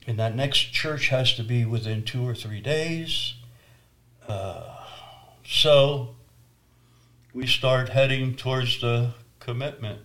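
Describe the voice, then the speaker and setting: A man recounts a personal testimony at an unhurried, deliberate pace. His delivery is dramatic, swinging between loud emphasis and hushed, near-whispered moments. His pitch sits in an ordinary middle range for a man. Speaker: traveling evangelist telling his story.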